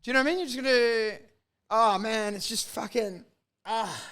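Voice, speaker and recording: A man's voice: high voice, normal speed, pushed and bright, smooth. An Australian man and comedian in casual chat, ranting with lots of swearing and frequent laughter. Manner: profane, ranting, laughing often. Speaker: comedian, podcast guest.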